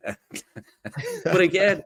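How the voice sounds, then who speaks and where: A man co-hosting a podcast in casual chat, animated and joking, who laughs often. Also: high-pitched, slow, creaky. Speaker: podcast co-host.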